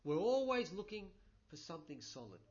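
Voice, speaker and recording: A man's voice: high-pitched, sing-song, normal speed, darkish tone. A man preaching a conversational sermon, with lots of 'you know' and emphatic bursts. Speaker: pastor. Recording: dull lo-fi recording.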